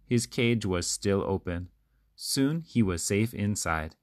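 A man with a lowish voice reads children's stories aloud, slow and careful, each sentence set down evenly. The recording is dry and close, with no room sound. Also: no room sound. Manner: slow, careful, even reading. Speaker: children's book reader. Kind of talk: storybook read-aloud.

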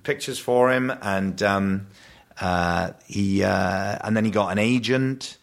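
A man's voice: fairly low pitch, slow pace, creaky. A man, a guest actor, telling family anecdotes in a casual chat with frequent laughs.

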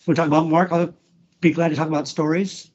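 A man talking as a podcast guest about an old friend, halting with restarts, emotional and swearing freely. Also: fairly high pitch, flat delivery, a little mellow, muffled recording. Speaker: guest, former wrestler. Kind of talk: casual podcast interview.

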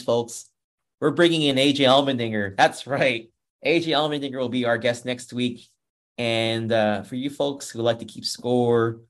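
Guy in his 30s hosting a racing podcast, chatty, rambling, keeps calling people folks. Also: medium pitch. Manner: upbeat, rambling, addresses listeners as folks. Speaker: podcast host. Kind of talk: casual show wrap-up chat.

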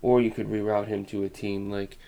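A man with a fairly low voice talks through sports trade ideas on his own. He rambles and speculates, filling pauses with "um" and "you know". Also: little pitch movement, creaky, mellow. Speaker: basketball commentator. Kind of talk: solo sports analysis talk.

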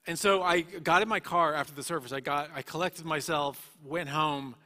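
Earnest male storyteller with a bright, slightly high voice, recorded in an echoey hall. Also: fairly even intonation, moderate pace. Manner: earnest, emotional storytelling with many restarts. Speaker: guest speaker. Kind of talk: personal testimony.

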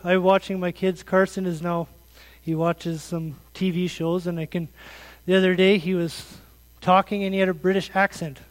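High-voiced preacher in a reverberant hall. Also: male voice. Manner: questioning, earnest, conversational preaching. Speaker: pastor. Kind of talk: sermon.

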